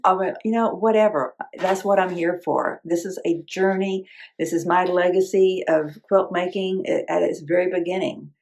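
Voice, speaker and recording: Woman in her 50s, kinda gravelly voice, rambly self-correcting chat, chuckles at herself. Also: on the low side, a little mellow, poor audio. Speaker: quilting vlogger. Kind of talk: reflective casual chat.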